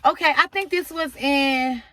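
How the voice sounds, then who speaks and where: A woman's voice: sits high, measured pace, bright, forceful tone, a little hiss or hum. A young woman vlogging to her viewers from inside her car, chatty and openly emotional as she talks to them directly. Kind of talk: casual chat to camera.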